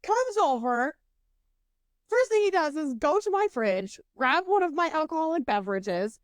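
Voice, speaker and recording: A woman in her twenties, co-hosting a podcast, telling a story in an animated, profane way with lots of fillers. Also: high voice, normal speed, no echo, studio quality. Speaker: podcast co-host. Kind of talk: casual storytelling chat.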